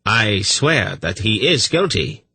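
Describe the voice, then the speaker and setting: A man's voice: on the low side, animated, slow, pushed and bright, slightly rough, no room sound, voice pushed up, full character voice. A man voicing a strident, zealous priest inquisitor who declaims with self-righteous certainty.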